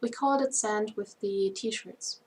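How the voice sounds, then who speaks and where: A woman's voice: mid-range voice, a little slow, darkish tone, a little hiss or hum. Chatty German-accented woman. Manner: chatty, laughs often, many fillers. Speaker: band member co-hosting a livestream. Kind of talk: casual livestream chat.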